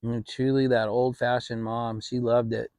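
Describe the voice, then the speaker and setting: A middle-aged man hosting his own channel, telling a family story in a relaxed, rambling way with frequent restarts. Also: medium pitch, normal speed, no echo. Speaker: channel host. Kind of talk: casual storytelling. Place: home, relaxed fireside setting.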